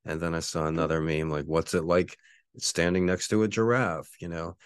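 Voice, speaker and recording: A man's voice: low-pitched, level tone, moderate pace, smooth, no echo, studio quality. A man in his forties hosting a podcast, rambling through a casual, profane monologue full of fillers and self-corrections. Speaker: podcast host.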